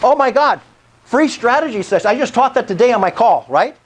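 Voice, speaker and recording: A man giving a live sales presentation at an investors' meetup, excitable and pushy, often asking the room if it's cool. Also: very high voice, brisk, slight background noise, low-quality recording.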